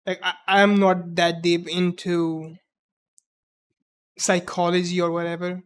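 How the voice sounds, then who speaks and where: A man in his twenties with a mixed Indian English accent, talking earnestly and haltingly in a personal reflective monologue, often restarting his words. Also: high-pitched, completely flat delivery, a bit bright, smooth. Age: 20s. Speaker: vlogger.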